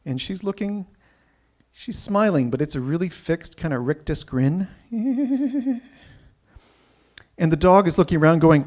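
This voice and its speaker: A man telling a personal story live, animated and often repeating himself as he builds up. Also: fairly high pitch, measured pace, long pauses. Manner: animated, repeats words when excited.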